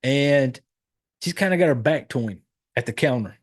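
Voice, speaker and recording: A man's voice: mid-range voice, expressive, normal speed. A man hosting a horror podcast, recapping a movie in a loose, rambling way, swearing freely and correcting himself as he goes. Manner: loose, profane, rambling with fillers and self-corrections. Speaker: podcast host.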